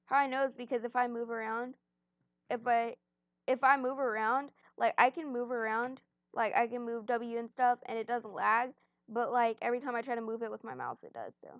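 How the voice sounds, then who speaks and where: A woman's voice: fairly high pitch, a little fast, no room sound, muffled recording. A young woman commentating a game she is playing, rambling and self-deprecating, at times chewing as she talks. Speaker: gaming channel host. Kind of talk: casual gameplay commentary. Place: at home, on a bed.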